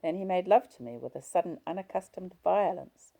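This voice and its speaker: Woman reader, low pitch, gravelly, mellow, first-person novel narration. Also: brisk, few pauses. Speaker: audiobook reader.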